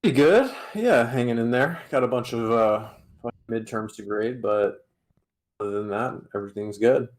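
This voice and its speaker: A man's voice: mid-range voice, moderate pace. A man co-hosting a podcast who teaches, giving brief, easygoing replies and affirmations. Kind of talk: casual chat.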